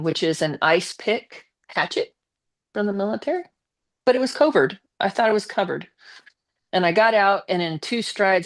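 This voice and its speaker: A woman, a guest on a live stream, telling a personal story in a casual, animated way with blunt swearing. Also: on the low side.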